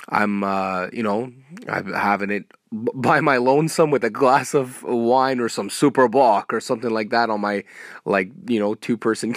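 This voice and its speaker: A man hosting a solo podcast, ranting in a profane, rambling way with sudden loud outbursts. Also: mid-range voice, no echo, studio quality. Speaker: podcast host.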